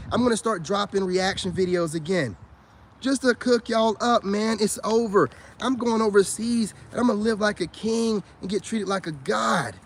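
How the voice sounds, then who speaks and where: A man ranting in a combative vlog monologue. He repeats himself and keeps dropping "you know what I'm saying.". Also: sits high. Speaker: vlogger.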